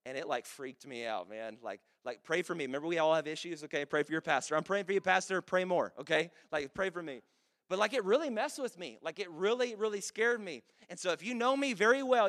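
A man's voice: high-pitched, fairly bright tone. A man in his thirties preaching a sermon as pastor, casual and conversational with joking asides.

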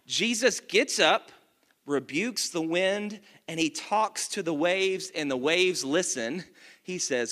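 A male pastor giving an energetic sermon, reading scripture and calling out to the congregation. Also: high voice, unhurried. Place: church. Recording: long church reverb.

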